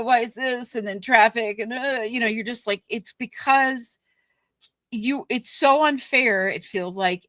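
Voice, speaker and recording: A woman co-hosting a podcast, ranting with frustration and many halting restarts. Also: on the high side, fairly bright tone, no echo. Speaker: podcast co-host. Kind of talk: candid podcast conversation.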